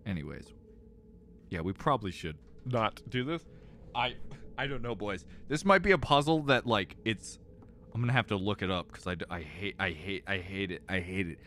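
A young man streams a game and talks his viewers through his rising frustration. His voice is bright and ringing, and his pitch swings widely. He swears freely, repeats phrases when stuck, and lurches between loud outbursts and low muttering. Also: animated, normal speed, a little hiss or hum. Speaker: gaming streamer. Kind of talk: live gameplay commentary.

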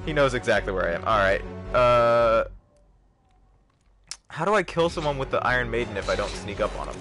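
A man's voice: mid-range voice, expressive, fairly quick, music in the background. A man giving casual, joking commentary on a gaming livestream, chatting with viewers. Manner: chatty, joking, talks to chat. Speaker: streamer.

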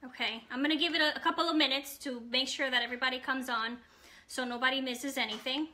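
Bright, chatty woman hosting a live stream; casual, with frequent ums. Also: high-pitched, steady tone, fast.

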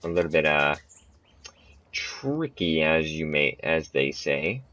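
A man's voice: very deep voice, big pitch swings, slow pace, pushed and bright, a little hiss or hum. A young man giving casual, chatty commentary on his own gameplay, laughing at his missed shots. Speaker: gaming channel host. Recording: muffled, dry home recording.

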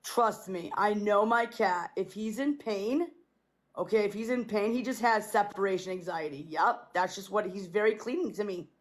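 A young woman talks in a casual vlog with a middle-pitched voice. She coaxes and soothes her cat in repetitive baby talk, circling back to the same reassurances. Her delivery is loose and unscripted. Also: moderate pace. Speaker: vlogger talking to her cat.

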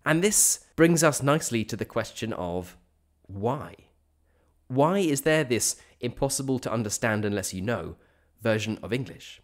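A man hosting an English-learning podcast, reading a clear scripted explanation and slowing down on examples. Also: mid-range voice, animated. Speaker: podcast host teaching English. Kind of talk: scripted educational narration.

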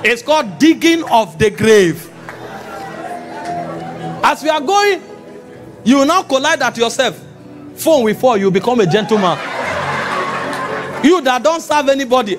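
A Nigerian man preaching with an unusually high voice for a man. He delivers his sermon with lively, animated energy and often rises to shouts. Soft music plays faintly behind him. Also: moderate pace, pauses often, crowd noise. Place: church meeting.

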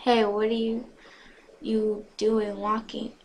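Bubbly teenage girl, pushy and excited, read by a woman, slightly higher and louder lines, storybook reading. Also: slow pace, low-quality recording.

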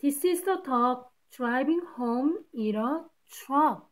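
A woman's voice: high-pitched, lively intonation, slow pace. A woman teacher reading a picture book aloud to children, patiently stopping to point out the rhyming words. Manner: patient, explains each rhyme to kids.

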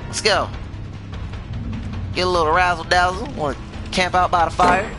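Laughing often and mocking the other players, a man running a gaming channel calls the action live with plenty of excitement. His voice is high-pitched, his speed normal with frequent pauses, and there's music in the background.

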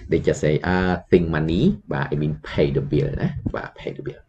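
Deep-voiced Cambodian man teaching slowly. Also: mellow, a little hiss or hum. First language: Khmer. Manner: slow, repeats words for learners. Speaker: Khmer language teacher. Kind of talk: online language lesson.

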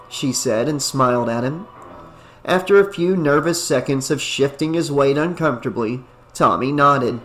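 A man narrating a novel in a steady, even reading voice. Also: medium pitch, normal speed, faint music behind. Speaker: audiobook narrator. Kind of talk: scripted narration.

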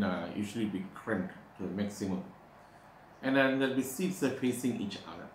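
Halting male preacher in an echoey room. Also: on the low side. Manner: halting, with frequent "uh" pauses; slows and stresses scripture verses. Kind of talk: sermon. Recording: echoey room, faint background noise.

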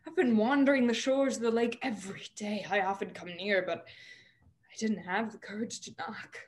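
A young woman playing a troubled young actress in a stage drama over a video call, emotional and often dropping to a hushed near-whisper. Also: medium pitch, normal speed, close to an everyday voice. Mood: wistful. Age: young adult. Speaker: student actor. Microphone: video call microphone.

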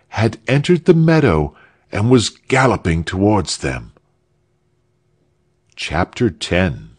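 Male storyteller, low voice, unhurried and very animated reading for English learners. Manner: slow, clear and expressive. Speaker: narrator.

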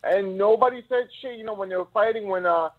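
A man with a high voice coming through a tinny phone line. He talks in a chatty, rambling way, stacking up one example after another. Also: quick pace. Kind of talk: casual live-stream chat.

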